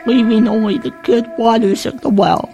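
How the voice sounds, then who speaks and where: Higher-voiced woman narrating over soft music. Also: fairly even intonation, normal speed, rough recording. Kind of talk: scripted narration of desert legends. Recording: faint music underneath.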